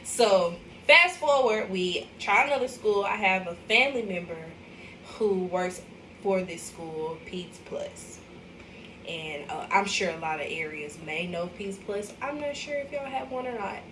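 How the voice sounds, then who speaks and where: A young woman talks to her viewers in a chatty, openly emotional way, calling them y'all. Her voice sits at a middling pitch and is picked up from some distance. The room is echoey, with a faint hiss underneath. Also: a little slow, a bit bright. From Arkansas, USA. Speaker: vlogger, mother. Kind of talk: casual livestream chat.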